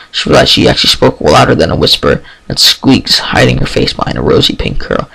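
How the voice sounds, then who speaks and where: A man narrates a story with a gravelly, rough-edged voice and plenty of lively ups and downs in pitch. He trips over words now and then and backs up to restart them, keeping an unpolished, casual read. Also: a little fast, few pauses, rough recording. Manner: stumbles and restarts while reading. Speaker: story reader. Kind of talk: reading fan fiction aloud.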